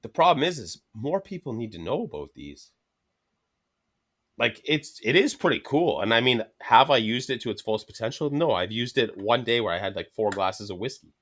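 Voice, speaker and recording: A Canadian-accented man holding a loose, casual podcast chat. He swears freely and laughs easily while spinning stories, his voice sitting right at an average male pitch. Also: normal speed. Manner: profane, laughing often, animated storytelling.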